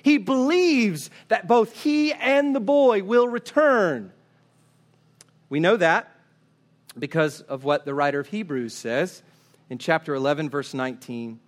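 A man's voice: high voice, expressive, measured pace. A man preaching a sermon, emphatic and urging, asking his listeners question after question. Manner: emphatic, urging, asks repeated rhetorical questions. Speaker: pastor.

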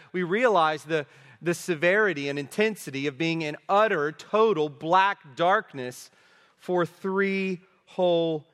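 Pastor guy preaching, swings from punchy highs to quiet drops, big echoey church hall. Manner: emphatic, rising to forceful peaks and dropping low at phrase ends. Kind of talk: sermon. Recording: long reverb of a large hall.

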